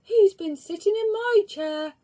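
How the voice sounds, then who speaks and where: A woman voicing an indignant medium-sized bear with a high, cross voice for a storybook reading. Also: a little slow, warm tone.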